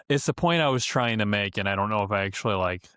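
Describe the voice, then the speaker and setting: A man's voice: on the low side, expressive, fast talker, a bit bright, clean tone, no echo, clean studio sound. A man co-hosting a podcast, talking bluntly in casual chat. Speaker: podcast co-host.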